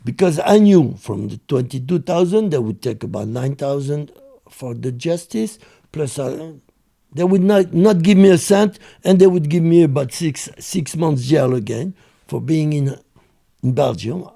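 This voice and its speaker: A man's voice: on the high side, measured pace, gravelly, dark tone. An older man, telling a story as an interview guest, acting out other people's voices and laughing often. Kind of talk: animated storytelling.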